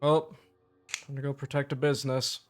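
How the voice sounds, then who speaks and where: A man voicing a gruff tavern barkeep who gives quick loud orders in a tabletop game. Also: mid-range voice, flat delivery, faint music behind, natural voice. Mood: brisk. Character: gruff middle-aged male tavern barkeep.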